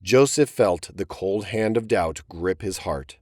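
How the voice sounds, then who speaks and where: A man giving dramatic, expressive narration of a historical audiobook story. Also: sits low, a little slow, no room sound, studio quality.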